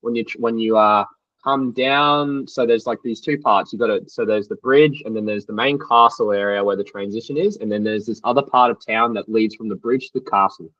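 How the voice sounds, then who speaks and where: A man's voice: lowish voice, fairly quick, no room sound. Young aussie guy telling a story, says "like" a lot, dry kinda muffled audio. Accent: Australian. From Australia. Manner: animated, tumbling retelling full of "like". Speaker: guest athlete. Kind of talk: casual storytelling in an interview.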